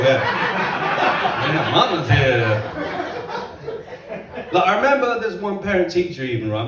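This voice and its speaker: A man performing a chatty, self-mocking stand-up set and acting out voices in loud bursts. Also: mid-range voice, a little hiss or hum. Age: 30s. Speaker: stand-up comedian. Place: comedy club stage, heard from across the room. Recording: roomy live club recording from a distance. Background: faint audience laughter.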